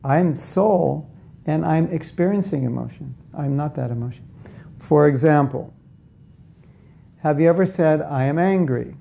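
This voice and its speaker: A man's voice: fairly high pitch, a little slow, gravelly, long pauses, mellow. A man giving a conversational spiritual talk to a live audience, often asking them questions and acting out inner voices. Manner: acts out inner voices in quotes. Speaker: spiritual teacher.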